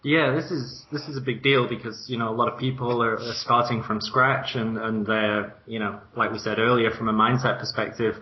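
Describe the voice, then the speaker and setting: Brisk and barely pausing, a man with a medium-pitched, steady voice co-hosts a conversational business podcast, enthusiastically explaining ideas and laughing lightly as he talks. The recording has its highs cut off.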